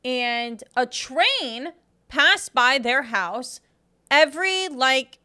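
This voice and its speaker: Bright, animated woman podcast co-host. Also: high-pitched, very slow, smooth. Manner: animated storyteller, swears, voice jumps up for emphasis. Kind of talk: casual chat.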